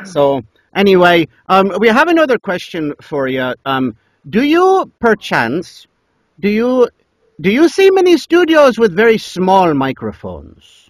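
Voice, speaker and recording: A man's voice: wildly swooping pitch, measured pace, dry recording, heavily acted. A man putting on the voice of a small, mischievous male leprechaun who asks playful questions. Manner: jokey, wandering pitch, playful.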